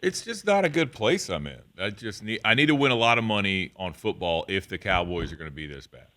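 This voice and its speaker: A man with a very deep voice and a sharp, bright edge to it jokes glumly about his losses. He sounds flat and low-energy, dragging through sports banter. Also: fairly quick. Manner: gloomy, self-deprecating, flat. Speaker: show regular, co-host. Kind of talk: casual studio banter.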